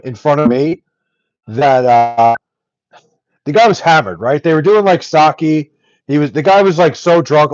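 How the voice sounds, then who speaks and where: A man's voice: a little high, a little mellow, no room sound, lo-fi sound. Profane rambling male livestreamer. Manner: loose, profane, rambling with many ums. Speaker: livestreamer reading chat. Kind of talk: casual livestream chat.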